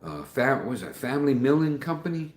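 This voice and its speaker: A man's voice: medium pitch, sing-song, fairly quick, echoey room. A man hosting a casual livestream, chatting folksily and reading out viewer comments, calling everyone man or dude. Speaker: livestream host.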